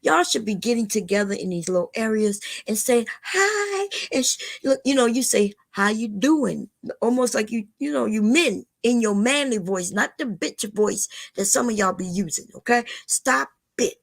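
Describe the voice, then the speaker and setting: A woman's voice: a little high, moderate pace, vocal fry, few pauses. An older woman hosting a casual livestream, talking bluntly and lecturing her viewers, often calling them y'all. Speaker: livestream host.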